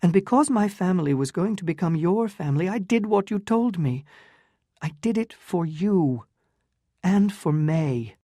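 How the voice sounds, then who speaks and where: Storybook heroine, read aloud by a narrator as a proud, heartbroken young woman pleading with her lover; keep it slow and close. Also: lowish voice, animated, mellow, no room sound, voice pushed up. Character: proud, wounded young countess in love.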